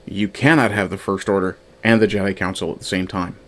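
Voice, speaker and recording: A man with a low-sitting voice and fairly even intonation talks a little fast while casually reviewing a fan film. Reading from his own notes, he thinks aloud as a media reviewer, with frequent fillers and restarts.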